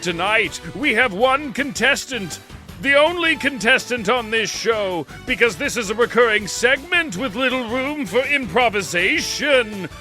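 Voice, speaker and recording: A man's voice: very high-pitched, lively intonation, unhurried, bright, forceful tone, faint music behind, voice pushed up, exaggerated voice. A man voicing a theatrical, mocking male game show announcer in a grandiose showman delivery, stretching his words. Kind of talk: mock game show introduction.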